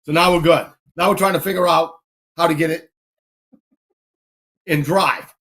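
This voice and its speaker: Podcast host, man with a high voice, animated, swearing storyteller who acts out the quotes. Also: normal speed. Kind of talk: casual chat.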